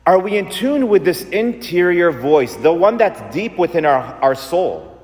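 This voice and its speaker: A man preaching a sermon in a conversational, animated way, asking his listeners questions. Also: sits high, a little slow, hardly any pauses. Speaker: priest. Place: church. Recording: long church reverb.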